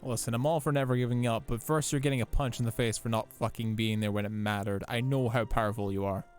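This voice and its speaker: A man's voice: medium pitch, fairly even intonation, quick pace, soft background music. A young man commentating his live game playthrough, blunt and profane, talking straight to his chat. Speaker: streamer.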